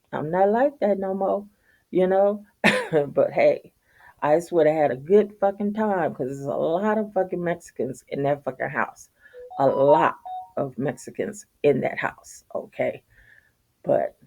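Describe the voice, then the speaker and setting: A woman's voice: low-pitched, vocal fry, mellow. A middle-aged woman telling a story to her channel in a blunt, profane rant, laughing often and tagging lines with "okay?". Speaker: vlogger.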